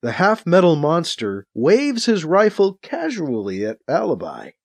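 A man narrating a science fiction audiobook in a dramatic, expressive reading. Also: a little high, a little slow, creaky, no room sound. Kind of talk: audiobook narration, acting out scenes.

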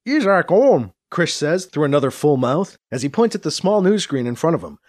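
A man narrating an audiobook in a plain, steady storytelling manner. His voice sits a bit high and his pitch moves lively. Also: a little fast, dry recording, clean studio sound. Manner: plain storytelling between dialogue. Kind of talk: scripted narration.

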